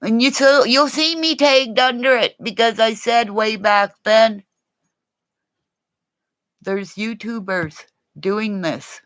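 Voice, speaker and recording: A woman from Canada rambling through a livestream monologue, jumping between topics and bursting into shouts and silly rhymes. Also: a little high, slow pace, dry recording. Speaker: vlogger.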